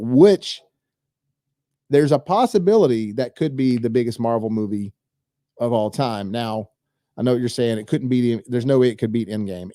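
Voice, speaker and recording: A man's voice: mid-range voice, warm tone, dry recording, studio quality. A man hosting a movie news show, talking casually and at length straight to his viewers, rambling and enthusiastic. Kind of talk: casual solo commentary.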